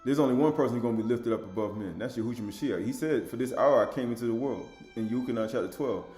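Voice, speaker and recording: A man giving an informal sermon, reading scripture in a raised voice and then commenting in a lower, emphatic, repetitive way. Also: quick pace, a little mellow, echoey room, faint music behind. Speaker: religious lecturer.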